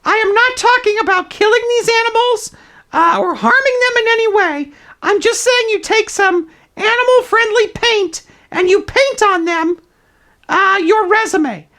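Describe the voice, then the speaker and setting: A man's voice: extremely high pitch, a little slow, pushed and bright, exaggerated voice. A man voicing a zany toilet paper roll puppet who gives over-the-top, mock-authoritative advice in an improvised comedy presentation. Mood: mock-serious.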